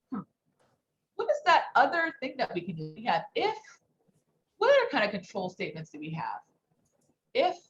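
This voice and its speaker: Leading a live coding workshop, this female instructor reasons out loud and asks herself rhetorical questions in a mid-range, fairly bright voice. Her audio is muffled and dull, carrying a faint layer of background noise.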